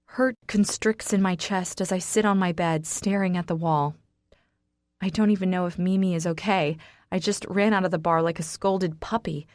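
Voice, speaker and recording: A woman narrating a first-person romance with slow, deliberate pacing. Her voice sits a little low and turns emotional in dialogue. The sound is dry and close. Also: a little mellow, no room sound. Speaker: audiobook narrator.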